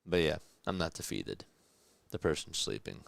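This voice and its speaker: A young man doing quiet radio-style play-by-play, keeping his voice down and chatting calmly between pitches. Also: normal speed, creaky, dry recording. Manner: calm, hushed, keeping voice down; reads chat messages aloud between pitches. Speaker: play-by-play host.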